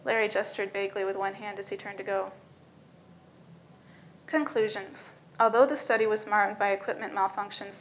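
A woman narrating a story in a steady, matter-of-fact reading voice. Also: medium pitch, slight background noise, rough recording.

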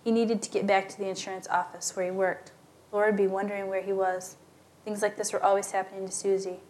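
A woman's voice: mid-range voice, level tone, fast talker, darkish tone. A woman narrating a story aloud, lightly giving voice to the characters in plain storytelling. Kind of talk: scripted narration.

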